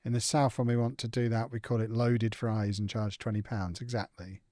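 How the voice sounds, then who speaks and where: A young man hosts a live gaming stream in a relaxed, chatty way. He teases his viewers with playful banter as he reads their messages aloud. His voice sits at an ordinary middle pitch and sounds dry and close, with no room echo. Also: normal speed. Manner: playful, teasing banter reading out chat. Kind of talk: casual live-stream chat while gaming.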